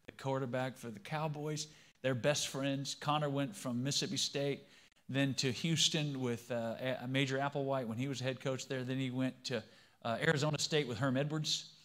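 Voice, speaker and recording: A man's voice: mid-range voice, fairly even intonation, moderate pace, fairly bright tone. Conversational male pastor in his fifties. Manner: conversational, polls the congregation with questions. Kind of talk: sermon.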